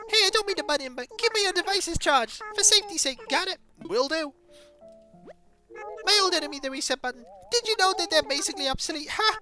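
A woman voicing an excitable, chatty male traveler, rambling on. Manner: excitable, rambling, high-strung.

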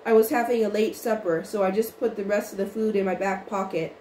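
A woman's voice: medium pitch, steady tone, a little fast, warm tone, lightly acted. A woman reading as a doleful, flustered dock laborer. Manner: pleading, rueful. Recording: roomy with faint noise.

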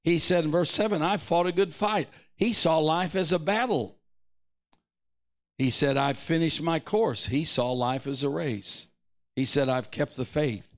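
High-voiced emphatic male preacher. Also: unhurried. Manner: emphatic preaching with big swings in pitch and loudness; repeats key phrases for emphasis. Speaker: pastor. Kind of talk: sermon. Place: church sanctuary.

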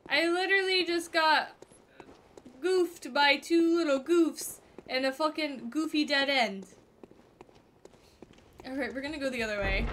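A woman streamer giving excitable, foul-mouthed commentary to her viewers while playing a game. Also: sits high, slight background noise. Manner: excitable, swears freely, talks to her viewers. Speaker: gaming streamer. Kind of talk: let's play commentary. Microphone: headset or desk mic.

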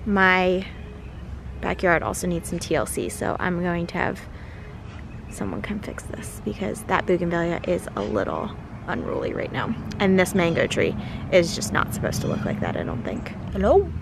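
A woman vlogging through her day, talking casually to the camera and now and then to her dog in a high sing-song voice. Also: big pitch swings, normal speed, creaky, noisy background. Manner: chatty, talks to her dog in a high baby voice. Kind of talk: casual vlog chat. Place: car, street and home porch, some outdoors.

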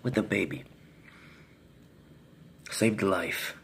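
A man telling a story in a casual, profane, animated vlog, talking outdoors with faint traffic behind him. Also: low-pitched, takes it slowly, creaky. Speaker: vlogger.

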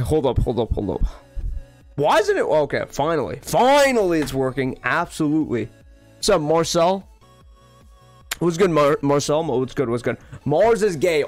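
An excitable male streamer chats his way through a live game session, greeting viewers by name and reacting to chat. His voice sits on the higher side, and soft music plays faintly underneath. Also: dry recording.

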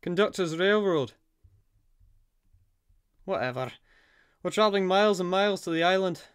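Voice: mid-range voice, lively intonation, normal speed, clean tone, lightly acted. A voice actor playing a cheerful, laid-back, small magical surfer man who chats casually and calls people cuz. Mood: easygoing. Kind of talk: fan voice acting.

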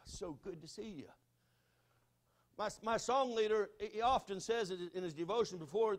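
A middle-aged man with a Southern US accent, preaching a sermon as pastor. He moves between quiet pleading and loud, fervent exhortation. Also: sits high. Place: church sanctuary.

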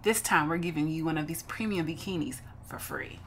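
A woman's voice: deep voice, a little fast, fairly bright tone, breathy edge. A woman voicing an upbeat female love coach and stylist in a dating game, reading the lines aloud in a bubbly, encouraging way.

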